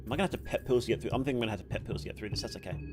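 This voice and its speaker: A man's voice: medium pitch, very fast, music in the background. A man streaming a game live, swearing at setbacks and rambling through chat questions with many fillers. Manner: swears freely and reacts loudly to in-game deaths. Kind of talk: live gameplay commentary, answering chat.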